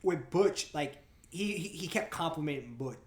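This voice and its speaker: Rambling man with a higher voice. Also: lively intonation, normal speed. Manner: loose and rambling, lots of "like", frequent laughs and quoted lines. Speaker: podcast co-host. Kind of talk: casual chat. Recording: roomy echo.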